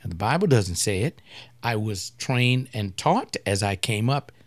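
A man's voice: on the low side, sing-song, a little slow, no echo. An older man, a pastor, hosting a webcast in a blunt, provocative, rambling talk-radio monologue.

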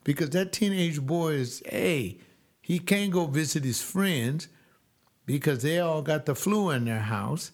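A man's voice: fairly high pitch, animated, unhurried. A former preacher hosting a webcast, speaking in an earnest, sermon-like way. He presses his points with repetition and rhetorical questions.

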